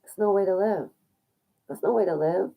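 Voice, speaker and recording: Mellow-voiced woman giving chatty encouragement. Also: medium pitch, normal speed, gravelly, rough recording. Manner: chatty, encouraging, laughs often, uses fillers. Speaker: vlogger. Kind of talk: casual talk to viewers about loneliness.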